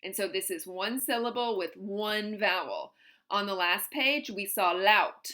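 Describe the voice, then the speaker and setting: A woman's voice: mid-range voice, expressive, a little slow, bright, forceful tone. A woman teaching a German grammar lesson in English, patiently explaining step by step with examples.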